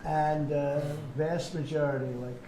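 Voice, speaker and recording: A man's voice: fairly high pitch, steady tone, unhurried, warm tone, a little hiss or hum. A man in his seventies giving rambling, boastful remarks to the press at an office signing ceremony. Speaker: president. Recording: echoey room with faint ambience.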